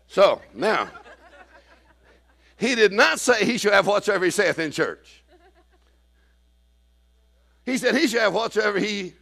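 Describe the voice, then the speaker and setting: A man preaching a sermon in church, acting out quoted people and swinging from shouting to hushed asides. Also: high voice, sing-song, unhurried, vocal fry, long pauses.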